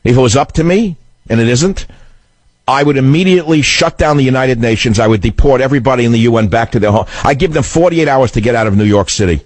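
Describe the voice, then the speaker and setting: A man's voice: medium pitch, fast, dry recording. A man hosting a political talk radio show, delivering a combative, sarcastic monologue into a studio microphone. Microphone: studio broadcast mic.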